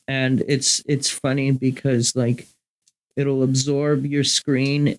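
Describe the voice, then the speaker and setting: A man's voice: medium pitch, low-quality recording. A man on a gaming podcast, chatting casually in a laid-back way and asking curious questions. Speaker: podcast co-host. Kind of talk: casual chat.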